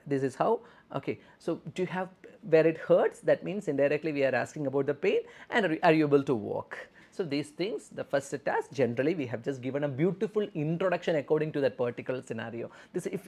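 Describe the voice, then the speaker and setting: Gravelly teacher. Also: mid-range voice, darkish tone. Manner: instructive, repeats phrases, often says okay. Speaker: language exam teacher. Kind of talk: live online speaking lesson.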